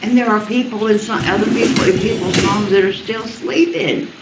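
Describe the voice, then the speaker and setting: A woman moderating a voice chat room, scolding in halting speech and repeating words. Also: medium pitch, reverberant, very noisy.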